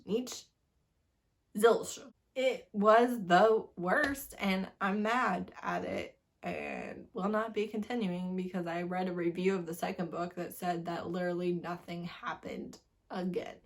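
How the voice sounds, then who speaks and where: A young woman reviewing books in a casual video, animated and exasperated, laughing as she rants. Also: on the low side, a little slow. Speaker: book reviewer.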